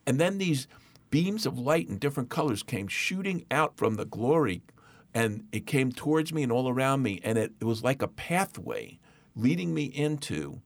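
A middle-aged man telling a personal testimony in a lively, animated way, acting out the voices of the people in his story. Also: mid-range voice, moderate pace, no room sound. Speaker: guest.

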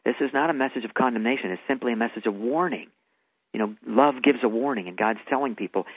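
A man's voice: medium pitch, fast, dry recording. A man earnestly telling his story as a guest on a radio interview, with emphatic delivery. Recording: phone-like radio broadcast audio.

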